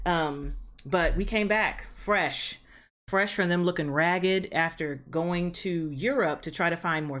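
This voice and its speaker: A woman's voice: low voice, fairly bright tone. A woman hosting her reaction channel, chatting casually through an episode recap with lots of fillers and repeated phrases.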